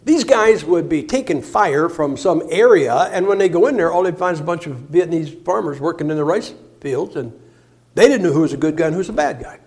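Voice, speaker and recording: Male guest preacher, high-pitched, folksy and jokey, swings from loud emphasis to quiet asides. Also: expressive, a little fast. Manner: folksy, joking storyteller with many restarts; shifts between loud emphasis and soft, low asides. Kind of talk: sermon.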